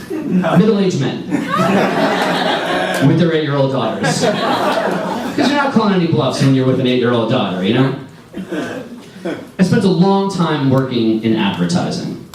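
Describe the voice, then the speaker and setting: Male stand-up, forties, dry wry delivery, lively pitch; roomy distant club sound, audience audible. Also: very noisy. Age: 40s. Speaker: stand-up comedian. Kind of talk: stand-up comedy set. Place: comedy club stage. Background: audience laughter.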